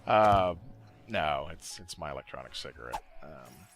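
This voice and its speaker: A man's voice: rumbling low, expressive, measured pace, a bit bright. A man recording casual voice-over commentary for a gameplay video, rambling and swearing, with many fillers and self-corrections. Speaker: gaming video creator. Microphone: desktop mic, voice-over recording.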